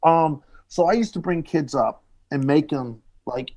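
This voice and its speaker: A man with a notably high speaking voice spins comedy stories in loose podcast banter. He talks animatedly and slips into the voices of the people he quotes along the way. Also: unhurried. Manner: animated storyteller acting out quotes. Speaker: comedian guest telling stories. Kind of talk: casual podcast chat.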